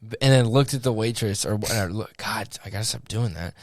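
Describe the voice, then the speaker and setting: A man's voice: fairly low pitch, fairly quick, no room sound, studio quality. A young man co-hosting a podcast, telling profane stories in casual chat and acting out the people in them. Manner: profane, storytelling, acts out quoted people. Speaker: podcast co-host.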